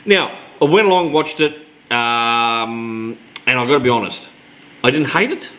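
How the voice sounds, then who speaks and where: A man's voice: medium pitch, lively intonation, unhurried, a bit bright. A man with an Australian accent co-hosting a casual pop culture chat, swearing freely and telling anecdotes. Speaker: co-host.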